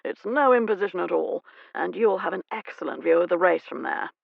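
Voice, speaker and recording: A woman's voice: on the low side, a little fast, vocal fry, no room sound, phone-quality sound. Woman voicing a suave, predatory earl. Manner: suave, genteel, quipping. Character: smooth, predatory aristocratic earl, man.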